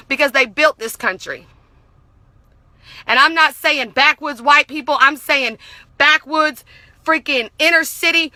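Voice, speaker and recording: A woman's voice: sits high, bright, forceful tone, no echo. A young woman delivering a heated, profane political rant to the camera. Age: young adult. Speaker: vlogger.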